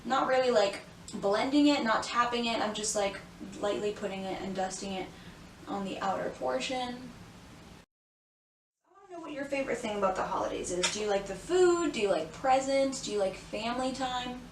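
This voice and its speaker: A chatty young woman rambles her way through a makeup tutorial, dropping "like" and "y'all" constantly. She sits a little back from the camera mic in a roomy space at home. Steady background noise hangs under her voice. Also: on the high side, moderate pace, recorded from a distance. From South Florida. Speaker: beauty vlogger. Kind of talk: casual makeup tutorial chat. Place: home room, indoors. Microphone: camera mic at a short distance.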